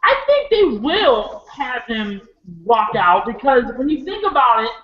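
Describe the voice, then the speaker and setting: With a very high voice and a slightly slow pace, this Iowa man co-hosts a casual wrestling chat. He rambles off topic, excitable and swearing freely. The sound quality is lo-fi.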